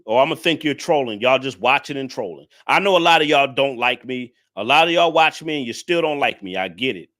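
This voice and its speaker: A man's voice: medium pitch, expressive, a little fast, hardly any pauses, fairly bright tone. A man hosting a livestream, scolding his viewers in a preachy, repetitive rant. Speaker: livestream commentator. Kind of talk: ranting livestream commentary.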